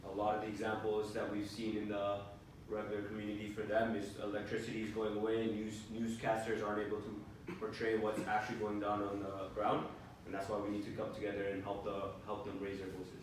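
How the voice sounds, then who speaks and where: A young male student gives a halting answer, low-pitched and flat. He is picked up from far off in a very echoey room with faint ambience. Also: a little hiss or hum. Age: young adult. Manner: hesitant, halting, with fillers. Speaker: student participant. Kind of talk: hesitant impromptu answer.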